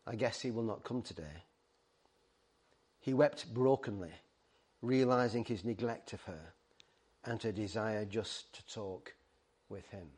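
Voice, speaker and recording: A man's voice: on the low side, unhurried, long pauses, darkish tone, breathy edge. A middle-aged man preaching a sermon, earnest and pleading, stumbling over words and restarting. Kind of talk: sermon to a ministry team.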